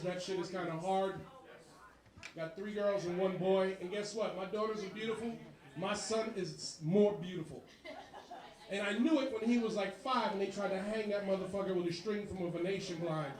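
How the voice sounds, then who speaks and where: A man in his forties working a bar crowd with a profane, animated stand-up set. His voice sits very high for a man. The sound is echoey and distant, as if taken from across the room. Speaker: stand-up comedian. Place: bar comedy show.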